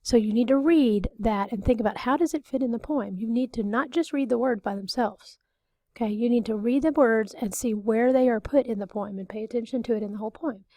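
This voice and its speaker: Woman teacher, mid-high and mellow, patient and repetitive, dry close recording. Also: fairly quick, no room sound. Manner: explains patiently, repeats and rephrases, frequent okays. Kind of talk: recorded classroom lesson.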